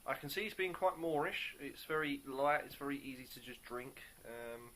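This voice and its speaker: A man talks through a beer he is tasting in a relaxed home-video review. His voice sits at an ordinary mid pitch, and he is eager yet hesitant, often stopping to search for words. A faint background hum runs under the recording. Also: normal speed. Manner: upbeat and enthusiastic.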